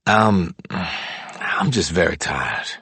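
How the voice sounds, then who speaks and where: A man voicing a gruff, injured older father in an audiobook, speaking with agitation. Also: medium pitch, very animated, normal speed, dry recording, pitched above the performer's own voice. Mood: gruff, worried.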